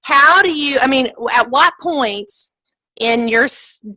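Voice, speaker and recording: A woman's voice: sits high, expressive, slow pace, sharp tone, no echo, poor audio. A woman calling in with a polite, somewhat hesitant question. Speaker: caller asking a question.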